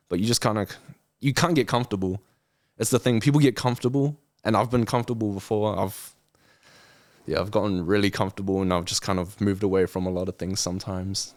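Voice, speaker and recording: A young man in his twenties with a somewhat low voice speaks as a podcast guest. He talks earnestly and with motivational drive, sometimes acting out lazy excuses in exaggerated voices. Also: fairly even intonation, brisk, a little mellow. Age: 20s. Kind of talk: casual interview chat.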